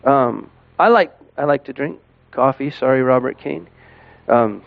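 A middle-aged man, a parent, talking casually and haltingly, with lots of fillers and restarts. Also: medium pitch, gravelly, phone-quality sound. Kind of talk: casual monologue to camera.

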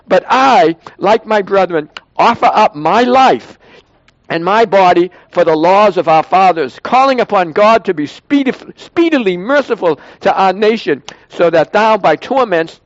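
A man's voice: high-pitched, no room sound, highs cut off. A man from Boston with a Boston accent, reading scripture aloud and preaching in an emphatic way to a small congregation. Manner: reads emphatically, then grows quiet and emotional.

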